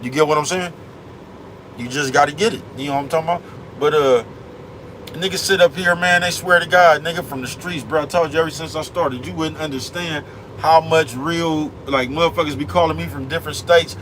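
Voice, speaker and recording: A man with a somewhat high voice rants loosely into his phone, heavy on street slang and filler catchphrases. It sounds like he is outside by a car, and the recording carries clear traffic noise behind him. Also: steady tone, brisk, a bit bright, low-quality recording. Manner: streetwise slang, repeats "you know what I'm talking about". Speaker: vlogger. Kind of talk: casual rant to camera.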